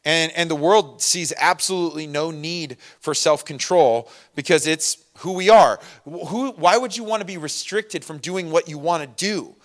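A man preaching a relaxed, conversational sermon, full of asides and personal stories. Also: on the high side, moderate pace, hardly any pauses. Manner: conversational, many fillers and asides. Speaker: pastor. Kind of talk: casual sermon.

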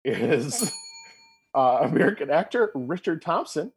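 A man's voice: fairly high pitch, big pitch swings, measured pace, husky. A man in his forties co-hosting a casual podcast chat, reading out birthdays with jokey asides. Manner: jokey, reads listings with asides.

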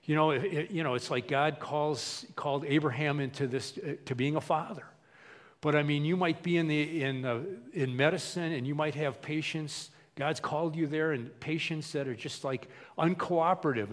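Man preaching, folksy and repetitive, slightly high voice, echoey hall sound. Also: normal speed. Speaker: pastor. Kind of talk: sermon.

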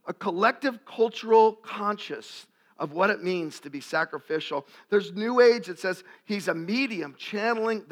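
High, bright-voiced preacher working a crowd. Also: male voice. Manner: asks the crowd questions, gets loud and shouting at climaxes. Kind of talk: sermon. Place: live event before an audience.

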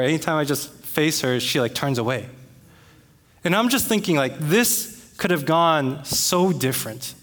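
A man preaching a sermon as pastor, talking in a conversational way and becoming animated when he retells an argument. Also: on the high side. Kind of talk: sermon with personal story. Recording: long reverb of a hall.

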